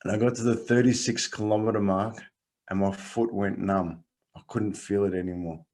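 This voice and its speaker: Aussie guy, lowish voice, laughs a lot while telling a story, easygoing coach on a podcast. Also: normal speed. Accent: Australian. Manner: lively storyteller, laughs often; calm, encouraging guidance. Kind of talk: casual podcast chat.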